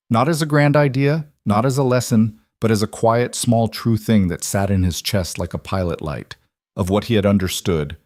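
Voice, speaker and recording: A man reading a scripted story in a measured, calm manner. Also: lowish voice, dry recording, clean studio sound. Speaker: narrator.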